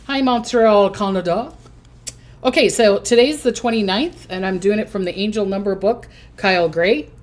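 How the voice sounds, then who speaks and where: A woman's voice: medium pitch, a little slow. An older woman hosting a casual psychic livestream from her recliner at home, chatty and hyper, often giggling. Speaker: psychic host.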